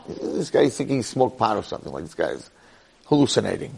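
A man giving an animated storytelling Torah lecture, repeating phrases and checking in with the listeners. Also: lowish voice, a little fast, creaky, slightly rough.

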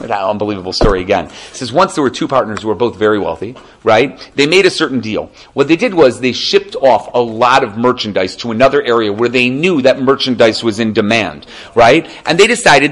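A man giving a casual Torah class, animated and conversational, often checking in with the listener. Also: medium pitch, low-quality recording. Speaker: Torah teacher.

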